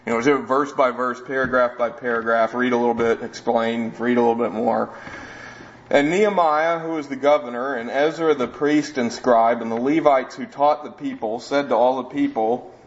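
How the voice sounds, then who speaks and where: A man's voice: mid-range voice, moderate pace. Man teaching scripture conversationally, muffled. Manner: conversational, with frequent restarts and asides. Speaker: preacher. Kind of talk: verse-by-verse Bible teaching. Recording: dull lo-fi sound.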